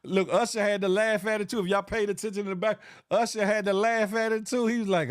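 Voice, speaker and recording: High-voiced joking male livestream host. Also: steady tone, quick pace, hardly any pauses, smooth, no echo, clean studio sound. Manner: joking, slangy, greets viewers by name. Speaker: morning show host. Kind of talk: casual livestream chat.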